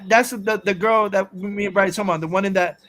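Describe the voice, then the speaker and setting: A man's voice: sits high, fairly even intonation, fast talker, fairly bright tone. A man hosting a livestream, ranting crudely in casual chat and stumbling over his words as he gets heated. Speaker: livestream host. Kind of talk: casual profane rant chat.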